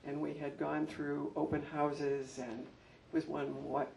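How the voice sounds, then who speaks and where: Gravelly older man telling stories from afar. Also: fairly high pitch, measured pace. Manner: heartfelt storytelling, animated when telling anecdotes. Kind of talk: reminiscing talk at a public event. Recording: distant mic with faint room noise.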